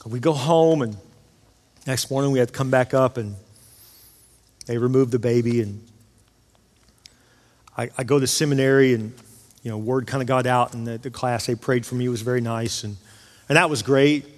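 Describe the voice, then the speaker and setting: A man's voice: mid-range voice, fairly even intonation, moderate pace, pauses often. A man who is a pastor, preaching a sermon and telling a personal story with rising emotional intensity. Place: church auditorium. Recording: long hall reverb of a church.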